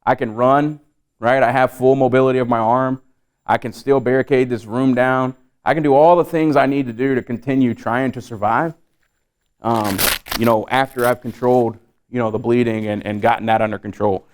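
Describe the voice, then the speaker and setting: Guy teaching a safety class, smooth clear voice, lots of ums and you knows. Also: medium pitch, steady tone, moderate pace. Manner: conversational, many fillers and repeats. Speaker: safety trainer. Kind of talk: live training talk.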